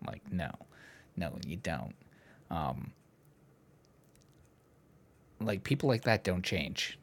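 A man hosting a casual podcast, ranting about politics with plenty of swearing and frequent laughs. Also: medium pitch. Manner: animated, profane ranting, laughs often. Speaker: podcast host.

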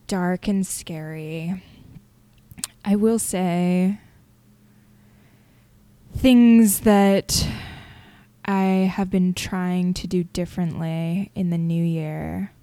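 A young woman hosting a personal solo podcast, talking candidly and haltingly with many fillers and restarts. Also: lowish voice, fairly even intonation, mellow, clean tone, dry recording. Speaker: podcast host.

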